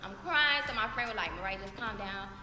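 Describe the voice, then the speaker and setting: A young adult woman telling a story to her viewers in an animated, casual way, speaking straight to them. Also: mid-range voice, a little fast, a little hiss or hum. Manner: animated, addresses viewers as y'all. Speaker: storytime vlogger. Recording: echoey room with long reverb.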